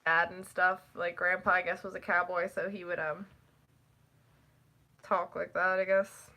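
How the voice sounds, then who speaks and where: A teenage girl chatting casually to the camera, rambling and packing her talk with "like" and quick laughs. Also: lowish voice, level tone, sharp tone. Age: teens. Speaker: vlogger.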